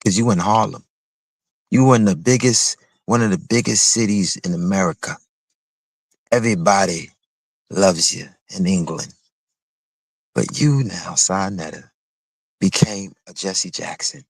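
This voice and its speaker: A low-voiced man hosts his own livestream, giving a heated commentary rant at a measured pace with frequent pauses. He is confrontational and mocking, repeating himself, and the recording is dry and close without any echo.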